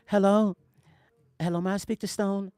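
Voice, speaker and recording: A man doing an impression of a soft-spoken man on a phone call, with a light, breathy, gentle delivery. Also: sits high, flat delivery, moderate pace, dry recording, close to an everyday voice. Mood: soft, polite. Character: famous older man on a phone call, speaking softly and gently.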